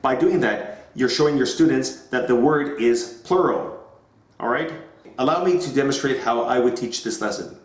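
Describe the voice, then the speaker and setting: A man demonstrating an English lesson, drilling words slowly and over-enunciating them as he would for his students. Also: mid-range voice. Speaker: English teacher. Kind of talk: teaching demonstration. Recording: echoey room.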